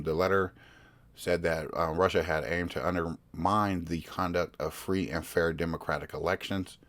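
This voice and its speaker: Podcast host, male, very low voice; casual, rambling news commentary that keeps breaking off to search the page. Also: a bit bright. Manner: rambling, self-interrupting, reads articles aloud.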